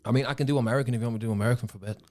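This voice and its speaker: A man from Manchester, a guest actor, talking calmly and matter-of-factly on a podcast. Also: medium pitch, very fast. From Manchester, England. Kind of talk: casual podcast chat.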